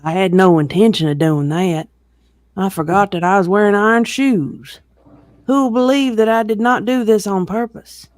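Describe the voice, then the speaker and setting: A reader voicing a gentle, strong old male workhorse who speaks softly and regretfully. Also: medium pitch, moderate pace, no echo, lightly acted. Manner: soft, regretful.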